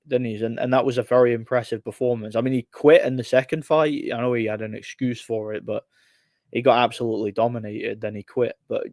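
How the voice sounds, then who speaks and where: A man's voice: mid-range voice, a little mellow, no room sound. A man hosting a casual livestream and answering chat questions, rambling with lots of repeated words and fillers.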